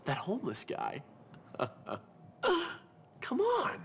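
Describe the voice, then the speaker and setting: A man's voice: high-pitched, huge pitch swings, slow pace, a little hiss or hum, heavily acted. A man voicing a scheming, sarcastic teenage boy bully in a video game cutscene, mocking in a sing-song way.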